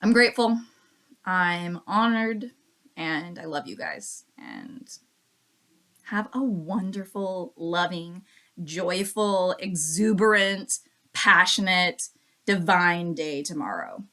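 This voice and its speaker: A woman's voice: fairly low pitch, lively intonation, sharp tone. Chatty woman giving a card reading. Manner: chatty, repeats affirmations slowly. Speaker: card reader. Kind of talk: casual oracle card reading for viewers.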